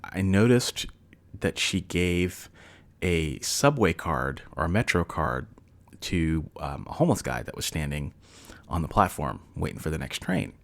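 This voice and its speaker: Deep gravelly guy rambling on his podcast, lots of ums and likes, chuckles a bit. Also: lively intonation, unhurried. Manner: rambling, loose delivery with many fillers and restarts. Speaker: podcast host. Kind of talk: casual solo podcast storytelling.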